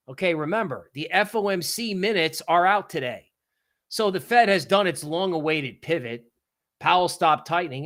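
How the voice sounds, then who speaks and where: A man with a somewhat high voice hosts a livestream of casual market commentary. He talks in an animated, sarcastic way and keeps slipping into mocking quoted voices. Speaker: livestream host.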